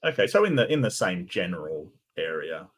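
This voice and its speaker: A man's voice: low voice, big pitch swings, a little fast. A man in casual chat, blunt and sardonic, with a lot of swearing. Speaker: co-host reviewer.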